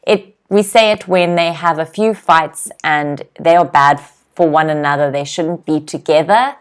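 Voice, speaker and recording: A young woman teaching English in a live online lesson, reading out viewers' comments and drilling new words with clear, slow pronunciation. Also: low-pitched. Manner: clear, slow word-by-word pronunciation drills with frequent "okay?" checks; reads viewers' comments aloud and laughs lightly.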